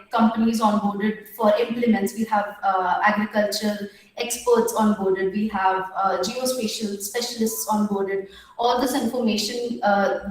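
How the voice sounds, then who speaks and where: A young woman pitching her startup, a bit nervous, with many filler pauses and restarts. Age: young adult. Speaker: startup founder. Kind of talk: pitch at an online women entrepreneurs' meetup. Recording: very echoey room.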